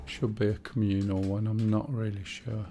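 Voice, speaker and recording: A man chats away on his game stream, guiding a friend and musing aloud with plenty of ums. His voice sits a little low with a gravelly edge. A faint background hiss runs under the recording. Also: level tone, moderate pace, warm tone. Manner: chatty, guiding a teammate, thinking aloud with fillers. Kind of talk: casual gameplay chat.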